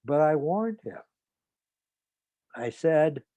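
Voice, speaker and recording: A man, a psychotherapist, recounting a client's case in a measured, deliberate way. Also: mid-range voice, gravelly, mellow, dry recording, low-quality recording.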